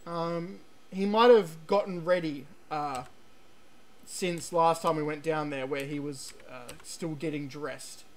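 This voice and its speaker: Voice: medium pitch, fairly even intonation, takes it slowly. A game streamer giving rambling, chatty let's-play commentary, full of ums and restarts, sometimes reading on-screen text aloud.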